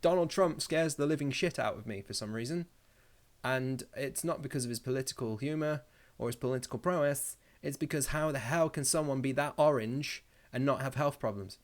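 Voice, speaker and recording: A man's voice: mid-range voice, fairly quick. A man hosting a casual live stream, reading out viewer comments and joking around in a rambling way, swearing freely.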